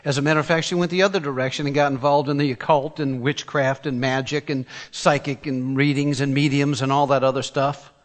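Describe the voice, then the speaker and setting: An older man from Tennessee preaching a sermon, emphatic, firing rhetorical questions and climbing in pitch as he presses a point. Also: level tone, fairly quick, hardly any pauses, big-room sound. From Tennessee, USA.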